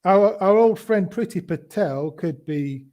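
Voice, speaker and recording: A man hosts a casual political chat, stumbling through restarts and fillers at an unhurried pace. His voice is mellow and sits a little high for a man. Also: lively intonation. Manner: halting, many restarts and fillers. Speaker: podcast host.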